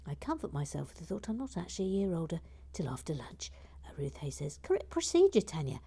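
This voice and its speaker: Soft-spoken woman chatting while she builds. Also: low-pitched, wildly swooping pitch, fast talker, creaky, husky. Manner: soft, often half-whispered, chatty. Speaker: host of a live building stream. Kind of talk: casual chat reading out viewer comments.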